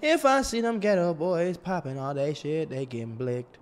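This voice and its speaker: A man's voice: a little high, moderate pace. A man streaming a game role-play, trash-talking in a brash voice and chanting rhymes. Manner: brash trash talk, chanting rhymes and repeating the other's words. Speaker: streamer playing a street character.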